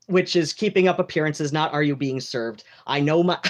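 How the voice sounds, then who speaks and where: A man's voice: fairly high pitch, normal speed. An American man with an affected mid-Atlantic accent, rambling through a casual, gossipy livestream chat at home and leaning hard on "like" and "you know". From United States. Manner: campy, gossipy and theatrical. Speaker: livestream host.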